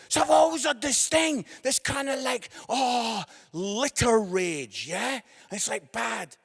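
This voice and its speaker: Animated man, high gravelly voice. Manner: animated, shouting for effect, lots of tag questions. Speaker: comedian evangelist. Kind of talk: comic storytelling sermon.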